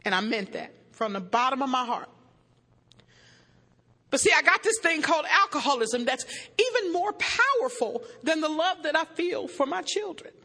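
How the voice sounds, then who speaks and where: A woman's voice: sits high, very animated, moderate pace, bright, forceful tone. A woman on stage telling her recovery story to a meeting, emotional and blunt, joking with the audience into a stage mic. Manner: banters with the audience. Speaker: recovering alcoholic speaker at a meeting. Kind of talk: personal recovery testimony. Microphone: stage microphone. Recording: echoey hall with long reverb.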